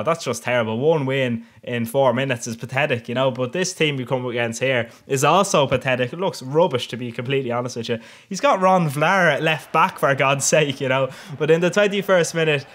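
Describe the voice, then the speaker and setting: Over footage of his football video game matches, a young man who runs a gaming channel rambles cheekily and laughs often. His voice is mid-range and a bit bright.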